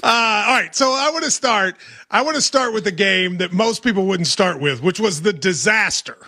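A man's voice: high-pitched, expressive, moderate pace, bright, forceful tone. A man with a Kentucky accent hosting a casual sports talk show, joking and rambling as he talks over his co-host.

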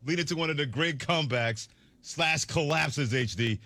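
A man's voice: on the high side, moderate pace, bright, forceful tone, no room sound. A man hosting a sports radio show, delivering a sarcastic, theatrical monologue.

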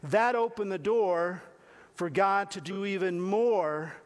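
High-voiced man preaching conversationally. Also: slow. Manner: talks directly to listeners with questions, repeating phrases. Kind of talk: conversational sermon.

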